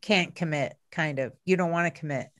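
A woman's voice: deep voice, fairly quick. A woman hosting a podcast, chatting casually with blunt, joking asides. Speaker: podcast host.

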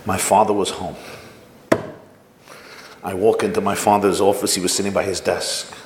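This is a man lecturing as a rabbi, with an ordinary mid pitch and an animated storyteller's delivery. He draws his audience in with questions. The recording is echoey and roomy, with faint background noise. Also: moderate pace, long pauses.

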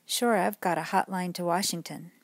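A woman's voice: on the low side, steady tone, normal speed, no echo. A woman voicing a blunt, sarcastic male police detective in a bedtime story, curt and dry in manner. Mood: brisk.

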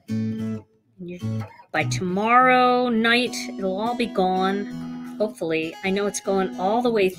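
A woman hosts a live crafting demonstration and chats easily with her viewers while she works. Her voice sits at an ordinary middle pitch. Clear music plays underneath her talk. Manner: chatty, talks to viewers while working. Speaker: craft show host.

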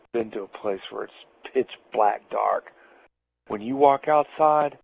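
A man's voice: on the low side, vocal fry. A man telling a casual anecdote in a profane way, laughing as he goes. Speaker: storyteller. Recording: tinny phone-like audio.

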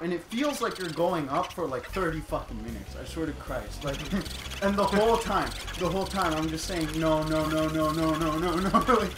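A young man telling a profane, laugh-filled story while playing a video game. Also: a little high. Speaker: gaming channel co-host. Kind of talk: casual storytelling over gameplay. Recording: echoey room with game music. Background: video game music.

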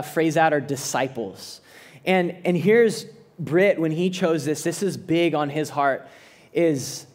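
A man preaching a sermon as a pastor, earnest and conversational, often restarting his phrases. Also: fairly high pitch.

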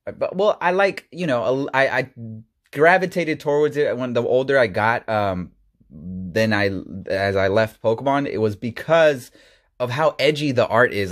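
Excitable man with a lively, high voice. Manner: excitable, bursts into high shouts over cards; stumbles over names, many fillers. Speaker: YouTube host. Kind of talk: casual card-opening video.

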